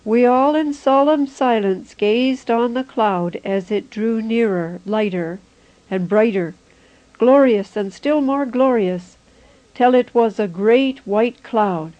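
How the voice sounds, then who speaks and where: A woman reading a religious vision text aloud in a slow, solemn, even way. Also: a little high, lo-fi sound. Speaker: reader.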